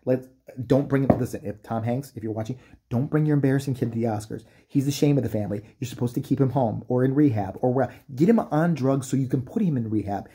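A man's voice: medium pitch, fast talker, dark tone, husky. A man delivering a profane, mocking comedic rant, breaking into exaggerated impressions. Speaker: comedic commentator. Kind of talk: ranting comedic commentary.

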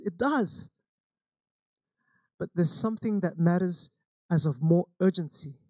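A man's voice: a little high, mellow, no room sound. An Australian man preaching a sermon as senior pastor, telling stories in a conversational way and acting out the quoted lines. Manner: conversational storytelling with acted quotes.

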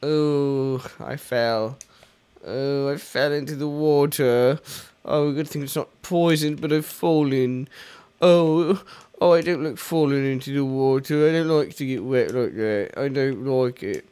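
A man doing an impression of an aging male rock star, complaining in a whiny, drawn-out way. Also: medium pitch, mellow, clear, resonant tone, natural voice.

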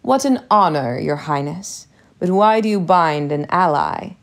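A woman's voice: fairly low pitch, expressive, measured pace, vocal fry. A woman voicing a fawning, oily ogre. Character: oily, scheming male ogre leader.

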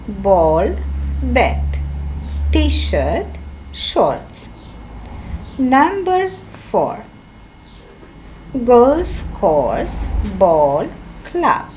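A woman teaches English vocabulary, pronouncing each word carefully at a very slow pace. Her voice sits a little high and moves about a great deal in pitch. A faint noise hums behind her. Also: darkish tone, poor audio. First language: Romanian. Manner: careful, deliberate word-by-word pronunciation. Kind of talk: slow lesson reading out word lists.

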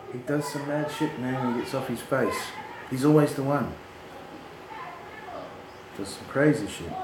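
Australian bloke, middle-aged, crude animated storyteller, echoey room with clear background noise. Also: male voice, mid-range voice. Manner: swearing, animated, laughs at his own yarns. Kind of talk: casual storytelling.

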